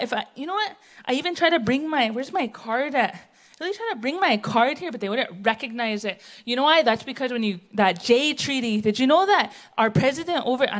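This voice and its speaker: A woman's voice: fairly high pitch, fairly bright tone. A woman on a theatre stage playing a brash, chain-smoking middle-aged auntie in a live comedy monologue, rambling, indignant and laughing at herself.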